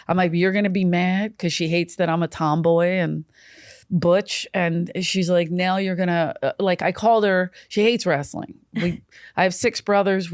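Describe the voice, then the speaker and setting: A woman's voice: on the low side, dry recording, studio quality. A woman comedian telling stories in a casual podcast chat, swearing freely and acting out other people's voices. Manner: profane, animated, acts out quoted voices. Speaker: comedian guest.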